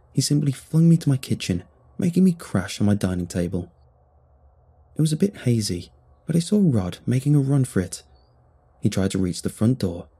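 Brief: man, low warm voice, husky, reading a scary first-person tale. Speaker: storyteller. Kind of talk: first-person horror story narration.

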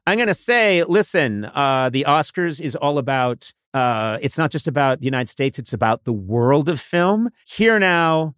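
Animated older man, lively voice, dry sound. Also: on the high side, a little slow, few pauses, clear, resonant tone, no echo. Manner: animated, mock-pompous teasing. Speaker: podcast host. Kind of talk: casual podcast banter.

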